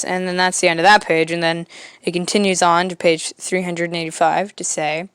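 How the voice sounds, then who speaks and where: A woman's voice: fairly low pitch, flat delivery, moderate pace, fairly bright tone, clear, resonant tone, dry recording. A woman podcast host casually reading a comic aloud, with some fillers.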